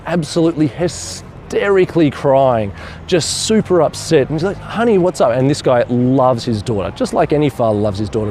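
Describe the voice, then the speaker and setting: Man vlogger, mid pitch, eager and rambling, faint street traffic behind. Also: darkish tone. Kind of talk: casual storytelling to camera.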